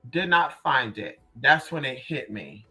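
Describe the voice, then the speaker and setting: Sassy man with a bright voice. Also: medium pitch, a little slow, faint music behind. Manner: animated, profane, sassy. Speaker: vlogger. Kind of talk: casual storytelling.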